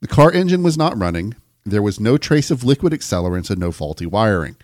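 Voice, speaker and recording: A man's voice: lowish voice, big pitch swings, fairly quick, a little mellow, dry recording, clean studio sound. An American man co-hosting a podcast, reading long passages aloud in a casual chat and stumbling over words now and then. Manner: reads long passages, stumbles and restarts, jokes along. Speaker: podcast co-host.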